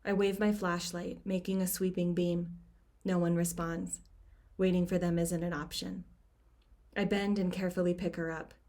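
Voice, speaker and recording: A woman author reading her own novel aloud at home, dropping into quiet, hushed tones in the tense passages. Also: on the low side, level tone, normal speed. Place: home cabin.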